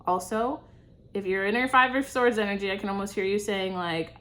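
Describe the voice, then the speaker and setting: A woman's voice: fairly high pitch, expressive, normal speed, fairly bright tone. A young woman giving a casual tarot reading, chatty and reassuring, laughing often. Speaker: tarot reader.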